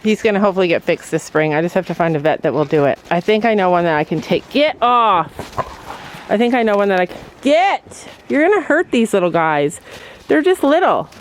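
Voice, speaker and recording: A woman's voice: expressive, a little fast, a little hiss or hum. Chatty woman vlogging on her farm. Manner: chatty, voices her goats in squeaky high tones. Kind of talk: casual farm vlog chat. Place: outdoors at a farm with goats.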